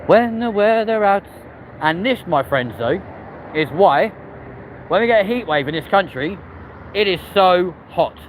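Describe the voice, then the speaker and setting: A man's voice: a little high, expressive, unhurried, pauses often, slight background noise, low-quality recording. A man with a London accent, live-streaming as he walks city streets and chatting cheekily with viewers, swearing freely. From England. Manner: cheeky, sweary, chats to the live chat while walking.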